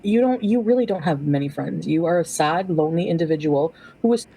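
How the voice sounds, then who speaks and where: A woman's voice: low voice, brisk, dark tone, a little hiss or hum, low-quality recording. Woman, angry online rant, bitter, accusing, swears a lot. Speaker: person in clip being reacted to.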